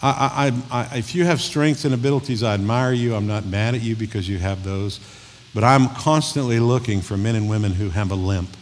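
A man's voice: lowish voice, fairly quick, a little hiss or hum. A male pastor preaching a folksy, joking, conversational sermon in a church hall. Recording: long hall reverb.

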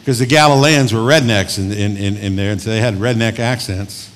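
A man's voice: lowish voice, steady tone, quick pace, hardly any pauses. A male pastor preaching a folksy, joking, conversational sermon in a church hall. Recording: long hall reverb.

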